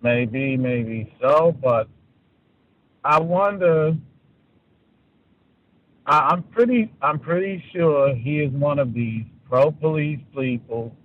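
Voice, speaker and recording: Slow, halting male caller, muffled line. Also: fairly high pitch, dry recording. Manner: halting, repeats words, opinionated. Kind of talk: call-in radio commentary.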